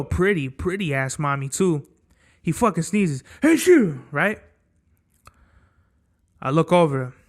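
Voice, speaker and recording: A man's voice: on the high side, a bit bright. A young man hosting his own podcast, telling a vacation story in a casual, blunt and heavily profane way. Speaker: podcast host.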